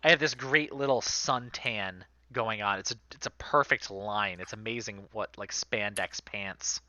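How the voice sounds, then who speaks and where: A man narrating a tabletop game as game master, animated and lively. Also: fairly low pitch, unhurried, lo-fi sound.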